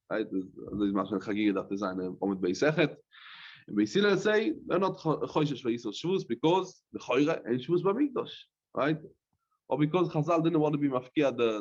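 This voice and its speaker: A rabbi teaching a Talmud class, reading the text in a singsong chant and explaining it in plain, hesitant speech. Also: male voice, mid-range voice, highs cut off. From London. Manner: hesitant, with many "uh" fillers.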